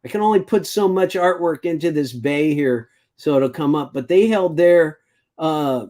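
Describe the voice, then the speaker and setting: A man's voice: fairly high pitch, normal speed, a little mellow. A man hosting a casual speedway news rundown, rambling and stumbling over foreign names as he goes. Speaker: show host.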